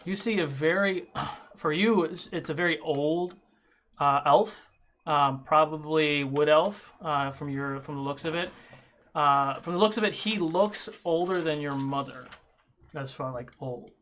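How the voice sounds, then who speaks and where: Bright-voiced man running a tabletop game. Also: fairly high pitch, measured pace. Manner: rambling, with many fillers and restarts. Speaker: game master.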